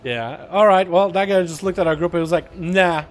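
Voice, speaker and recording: A man's voice: high voice, brisk. Young male streamer, casual commentary, laughs and swears easily, faint music underneath. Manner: laid-back, laughs often, swears casually. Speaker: gaming streamer. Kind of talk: casual gaming livestream commentary.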